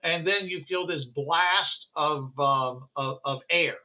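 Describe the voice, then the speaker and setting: A man narrating a tabletop game as game master, halting and full of restarts. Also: on the high side. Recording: tinny phone-like line.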